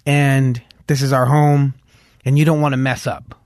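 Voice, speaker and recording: A man from Los Angeles, a guest musician, chatting in an interview and telling stories in an animated way with many "like"s. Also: mid-range voice, a little slow, no echo, clean studio sound. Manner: animated storyteller, heavy on "like", hums tunes aloud. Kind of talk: casual interview chat.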